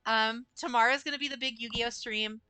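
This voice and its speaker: A woman's voice: a little high, fairly even intonation, fairly quick, bright, forceful tone, smooth, dry recording. A young adult woman streaming a game, chatting casually with viewers in a rambling way full of fillers. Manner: chatty, rambling, talks to chat with many fillers. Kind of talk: casual gameplay livestream chat.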